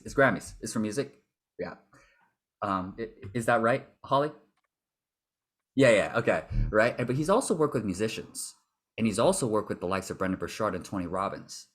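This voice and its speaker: Husky-voiced man coaching a workshop. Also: lowish voice. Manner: animated, acts out voices and impressions. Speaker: vocal confidence coach. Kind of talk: workshop talk.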